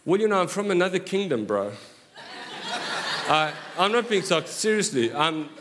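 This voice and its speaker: A middle-aged man preaching a sermon in an animated way, joking with quick asides. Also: high voice, noisy background. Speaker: pastor.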